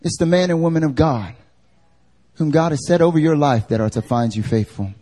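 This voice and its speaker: A man preaching a live church sermon, animated and conversational, acting out everyday voices. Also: fairly high pitch, brisk. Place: church service.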